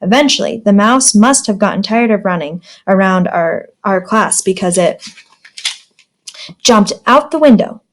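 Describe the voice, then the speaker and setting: A woman's voice: medium pitch, lively intonation, measured pace. A woman teacher reading a children's storybook aloud in a friendly, plain manner.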